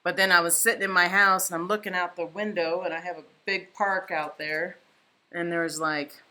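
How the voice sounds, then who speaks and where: A woman's voice: fairly low pitch, fairly even intonation, moderate pace, pushed and bright. Woman host, live painting stream from home, chatty, thinks aloud, reads comments. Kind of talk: casual chat while painting live. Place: home, indoors.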